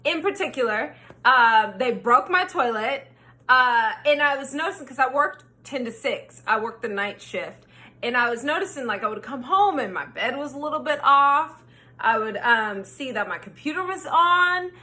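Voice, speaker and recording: A woman vlogger telling a storytime in casual chat, animated, swearing freely and acting out her own quotes. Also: high voice, moderate pace.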